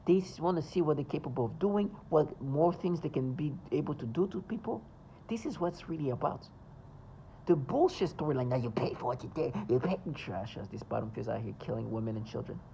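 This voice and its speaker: Man, mid pitch, gravelly edge. Agitated, insistent vlog monologue with a faint hum behind. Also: fairly quick, mellow, poor audio. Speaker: vlogger. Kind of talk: emphatic monologue to camera.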